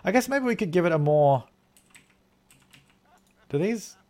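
An Australian man streams a game live, rambling and thinking aloud as he plays while thanking viewers for their donations. His voice is high and a little mellow, with lively intonation and an unhurried pace.

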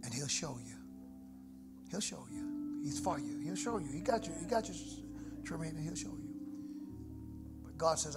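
A middle-aged man preaching from the pulpit, his voice a touch high for a man. He swings from hushed, prayerful murmurs to ringing shouts. Organ music plays clearly under him in a live church recording. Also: expressive, normal speed, pauses often. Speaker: pastor. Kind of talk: sermon. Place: church sanctuary. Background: musical instruments.

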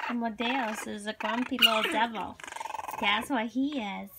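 A woman's voice: fairly high pitch, fairly even intonation, slow, very noisy. A woman talking baby talk to her puppies, cooing and sing-song, laughing often between lines. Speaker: dog breeder talking to puppies. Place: indoors with puppies.

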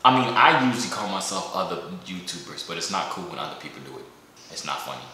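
Young guy, goofy pickup lines, bouncy bright voice, big echo in the room. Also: low-pitched, lively intonation, fast. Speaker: vlogger chatting with strangers on a video app. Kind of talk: casual joking chat. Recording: echoey room with faint noise.

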